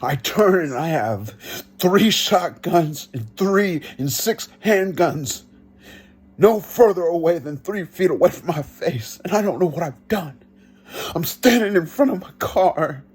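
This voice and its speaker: A man giving an earnest first-person testimony, telling it slowly and reenacting his own pleas. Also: on the high side, animated, darkish tone, breathy edge. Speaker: vlogger.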